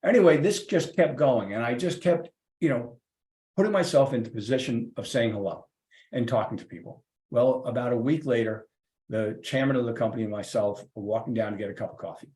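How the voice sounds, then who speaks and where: Lively middle-aged man in a roomy space. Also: mid-range voice, a little fast. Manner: lively, acts out the people in his stories. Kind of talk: casual anecdotal storytelling. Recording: roomy echoey room.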